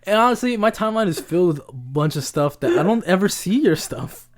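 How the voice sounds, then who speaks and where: Young man telling rambling, animated stories. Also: high voice, brisk. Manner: rambling, animated storytelling with frequent restarts. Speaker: podcast co-host. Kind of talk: casual chat.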